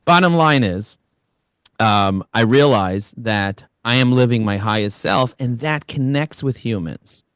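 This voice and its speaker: A man in his forties hosting a live online coaching session, energetic and storytelling, with rambling asides. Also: mid-range voice, unhurried, smooth, dry recording, studio quality. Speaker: host, LinkedIn coach.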